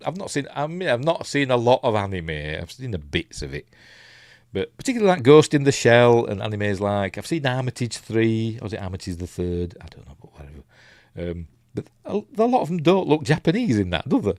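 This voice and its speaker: This Yorkshire-accented film reviewer runs a laid-back live watch-along, his mid-range, darkish voice very animated and fairly quick. He rambles and hesitates, full of ums and restarts, laughing at his own asides, captured in clean studio sound without echo.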